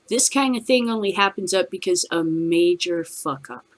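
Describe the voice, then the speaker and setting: An American woman hosting a cannabis news show, ranting angrily about the news with heavy cursing. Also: fairly low pitch. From United States. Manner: angry, heavy cursing, fast bursts. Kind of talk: profane ranting commentary.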